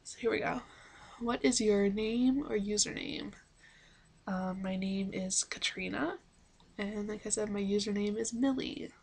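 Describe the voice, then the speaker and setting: A woman's voice: medium pitch, a little slow, vocal fry, darkish tone. A woman from Manitoba with a Canadian accent, reading questions aloud and answering them plainly in a casual accent-challenge vlog, recorded on a webcam microphone. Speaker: vlogger.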